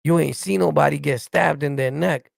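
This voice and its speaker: A man's voice: a little high, normal speed, no echo. A middle-aged man from New York with a New York accent, ranting bluntly and profanely at his livestream chat. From New York City. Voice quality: gravelly. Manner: blunt, confrontational, profane, repeats "you get it?". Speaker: streamer reacting and answering live chat. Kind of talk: heated livestream rant.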